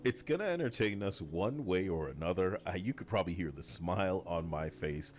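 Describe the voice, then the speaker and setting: A man's voice: deep voice, animated, a little fast. A man hosting opinionated gaming commentary, sarcastic and rambling, with a mocking edge. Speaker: host.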